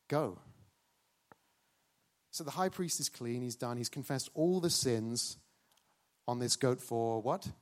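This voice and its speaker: Dramatic man preaching with a refrain. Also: medium pitch. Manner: dramatic, with a repeated rhetorical refrain and slow emphatic stresses. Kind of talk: sermon.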